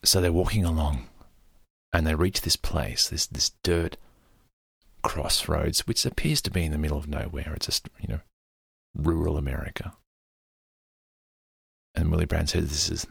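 Low, raspy man; loose, meandering storyteller, gravelly edge. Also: steady tone, moderate pace, long pauses, a bit bright, no echo, clean studio sound. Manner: rambling, loose storytelling with many fillers. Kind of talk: casual retelling of a film scene.

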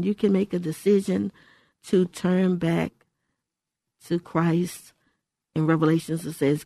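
A woman's voice: fairly low pitch, flat delivery, slow, vocal fry, pauses often, mellow, dry recording. An older woman hosting Christian radio from a studio mic, her voice dry and close. She is from Houston and speaks with emphatic exhortation, doubling back on phrases to drive them home. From Houston, Texas. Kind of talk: radio ministry talk.

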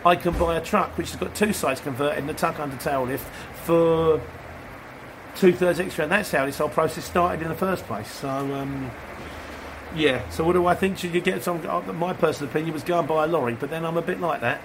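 A man talks in a loose, rambling vlog style, playing out his dealings with customers. His voice sits a little high for a man. There is a faint hum of surroundings behind him. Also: fairly quick. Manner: chatty, rambling, acts out exchanges. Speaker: van delivery driver. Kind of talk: casual vlog answering viewers.

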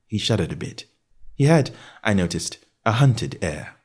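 A man's voice: on the low side, big pitch swings, normal speed, breathy edge. A man narrating a comic novel in the first person, with jaunty, wry storytelling and varied character voices. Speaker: audiobook narrator.

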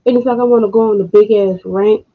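A woman hosting a podcast, speaking in a casual monologue, emotional and frustrated, with slow deliberate pauses. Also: medium pitch, fairly even intonation. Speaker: podcast host. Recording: dull lo-fi audio.

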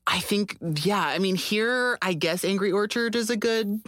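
A woman's voice: mid-range voice, moderate pace, fairly bright tone, dry recording, clean studio sound. A young adult woman chatting as a podcast guest, talkative and laughing easily, with lots of "like.". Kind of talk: casual chat.

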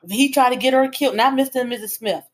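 A woman's voice: high-pitched, fast. A woman co-hosting a casual relationship podcast, telling stories and acting out quotes. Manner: animated storyteller, acts out quotes. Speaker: podcast co-host.

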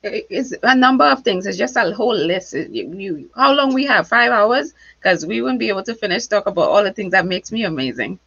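A woman with a non-American accent, a relationship expert speaking as a guest in a casual interview, animated and quick to laugh. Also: mid-range voice, creaky, no room sound, muffled recording. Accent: foreign accent, not American. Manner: animated, laughs often, tells stories.

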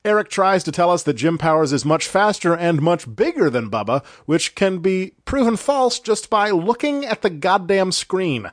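Dude doing a podcast recap, kinda high voice, snarky and exasperated, cusses a lot, dry close sound. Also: male voice, sing-song, normal speed, few pauses, no room sound. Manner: sarcastic, exasperated, swears freely. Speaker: podcast host. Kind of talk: recapping a wrestling broadcast.

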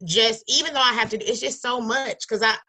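A woman with a bright, clear voice talks openly about raising children alone. She speaks earnestly and emotionally, sometimes close to tears, then laughs it off. She sounds like a young adult in casual conversation. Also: fairly high pitch, brisk. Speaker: guest, single mother running a support group.

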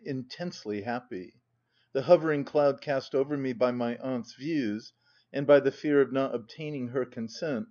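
A volunteer audiobook reader with a mid-range voice narrates a classic novel in an even, measured way. The recording is dull and lo-fi.

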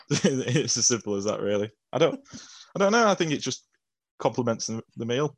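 A man's voice: mid-range voice, very animated, normal speed, no room sound. A man in a casual podcast chat, speaking in an easygoing, plain way.

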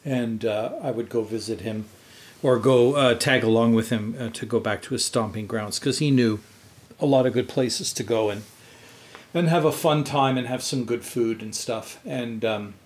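A man's voice: medium pitch, a little mellow. A man co-hosting a podcast, telling a restaurant story in casual chat. He swears freely and acts out the quotes. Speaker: podcast co-host.

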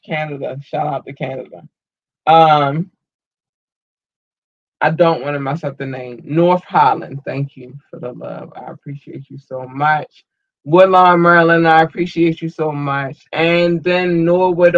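An online show host reading out casual shout-outs to listeners in a slangy, drawling way, swearing freely. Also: mid-range voice, dull audio.

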